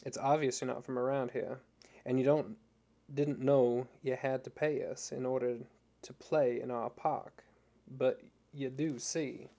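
A man voicing a burly male street thug who talks loud and threatening. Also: medium pitch, flat delivery, measured pace, gravelly. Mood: menacing.

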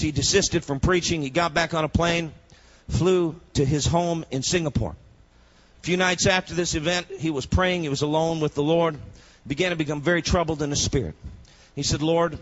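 Guy preaching in church, tells stories soft then shouts, kinda muffled recording. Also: fairly high pitch, dry recording. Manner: swings from soft storytelling to shouted proclamation. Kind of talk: sermon.

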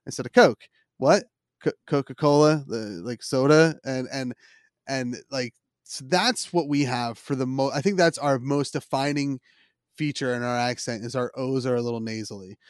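A man's voice: medium pitch, moderate pace, no room sound. Man, Philadelphia accent, podcast host, rambling, self-deprecating, dry mic. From Philadelphia area. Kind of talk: casual podcast chat.

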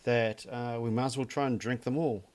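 A man's voice: medium pitch, fairly even intonation, fairly quick, darkish tone. A man co-hosting a casual podcast about gin, talking in a dry, joking way with plenty of fillers. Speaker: podcast co-host. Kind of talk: casual chat.

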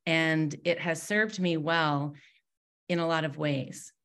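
Woman on a podcast talking candidly bout her life, low voice with a gravelly edge. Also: steady tone, slow. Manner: warm, candid storytelling with fillers. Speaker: podcast guest, mindset mentor. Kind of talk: podcast interview.

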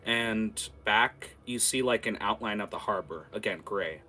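A man's voice: on the low side, unhurried, pushed and bright, a little hiss or hum. A man running a tabletop game as game master, narrating scenes vividly with many fillers.

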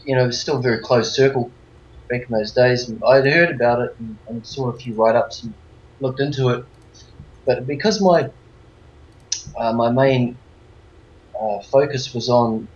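A man's voice: mid-range voice, lo-fi sound, slight background noise. New Zealand man, easygoing and rambling. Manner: relaxed, rambling with many fillers. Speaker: guest. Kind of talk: casual remote interview.

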